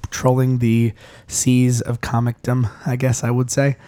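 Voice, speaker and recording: A man's voice: mid-range voice, monotone, unhurried, dark tone, no room sound, studio quality. A man hosting a casual comics podcast, teasing his co-hosts and steering the talk. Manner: teasing, jokey, runs the conversation. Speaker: podcast host.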